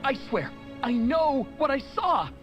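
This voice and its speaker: A woman's voice: high-pitched, sing-song, measured pace, over music. An actress voicing a frightened woman who pleads anxiously in a game recording. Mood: anxious pleading. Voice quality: anxious, insistent.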